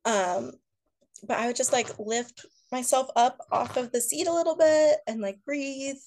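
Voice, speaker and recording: A woman's voice: sits high, unhurried, darkish tone, slight background noise. A young woman telling her birth story in casual chat, laughing often and filling her talk with "like". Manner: chatty, laughs often, many "like" fillers.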